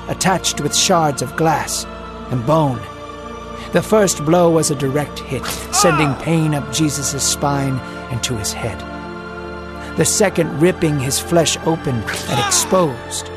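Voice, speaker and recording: A man narrating a dramatized scripture story in a solemn, intense manner, building emphasis. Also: medium pitch. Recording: music bed behind voice.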